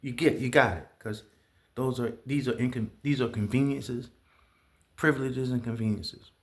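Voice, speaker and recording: A man telling stories in a casual monologue, profane and animated, imitating the sounds he describes. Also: medium pitch, normal speed. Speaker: vlogger.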